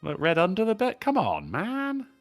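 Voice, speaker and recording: Animated joking podcast co-host man. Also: high voice, moderate pace, no echo, soft background music. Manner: joking interjections, crude puns, animated. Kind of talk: casual comedic chat.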